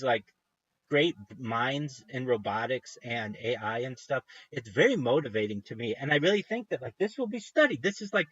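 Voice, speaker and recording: A man's voice: on the high side, a bit bright, dry recording. Guy rambling on his stream, keeps cutting himself off, kinda muffled lo-fi audio, dead dry room. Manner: meandering, self-interrupting, enthusiastic. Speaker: livestream host. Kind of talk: casual rambling livestream chat.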